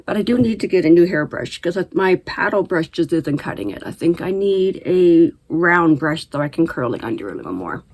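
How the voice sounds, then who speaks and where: Chatty middle-aged female vlog host, slightly low voice, relaxed and rambling. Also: moderate pace, few pauses. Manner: chatty, rambling, laughs easily. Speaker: knitting podcast host. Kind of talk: casual chat to camera.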